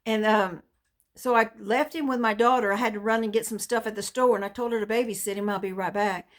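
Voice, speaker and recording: A woman's voice: fairly high pitch, steady tone, fast. A mother earnestly telling a personal faith testimony in a folksy storytelling way.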